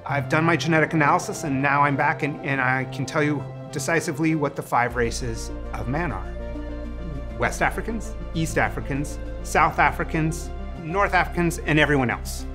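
A man giving an expert documentary interview, animated and acting out hypotheticals. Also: on the high side, normal speed. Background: music.

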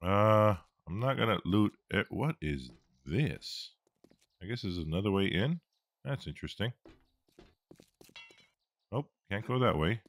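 A man's voice: lowish voice, very animated, unhurried, pauses often, no echo. A man commentating his own gameplay, reacting, joking and swearing as he fights. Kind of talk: let's-play commentary.

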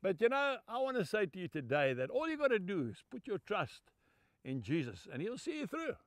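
Older male preacher, very high bright voice, dry close sound, emphatic storytelling sermon. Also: wildly swooping pitch, a little fast, no echo. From Zimbabwe. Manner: emphatic, heartfelt storytelling with warm asides.

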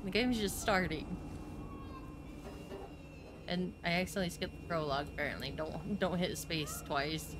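A young woman streamer commenting on a horror game, excitable and swearing, laughing and yelping when scared. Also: on the low side, moderate pace, pauses often, noisy background. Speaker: gaming streamer. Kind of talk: let's-play commentary.

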